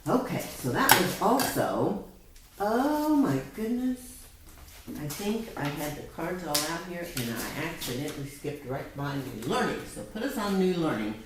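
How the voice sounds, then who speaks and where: A woman with a low voice calmly tutors phonics, walking a learner through each point with patience. She sounds distant from a laptop on the table, in a strongly echoing room with a faint hiss behind her. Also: moderate pace. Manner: patient, explains step by step. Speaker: reading and spelling tutor. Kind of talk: one-on-one phonics lesson. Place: room with a whiteboard. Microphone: laptop camera on a table. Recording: very echoey room, from far off.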